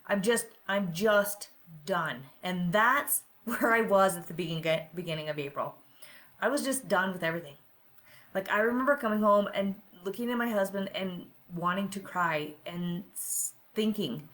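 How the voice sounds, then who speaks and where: A middle-aged woman who hosts a podcast and works as a coach speaks at a normal speed in a medium-pitched, animated, slightly bright voice. Her personal monologue is candid and confessional, and she keeps checking in with "right?"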